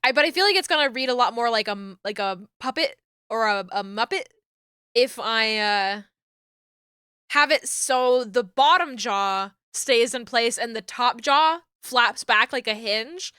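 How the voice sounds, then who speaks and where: A young woman on a live stream talks casually and excitably, laughing often and trailing through fillers. Her voice sits a little high, with a bright, smooth, crisp tone, and the sound is dry and close. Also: a little slow, dry recording. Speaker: streamer rigging an animated model.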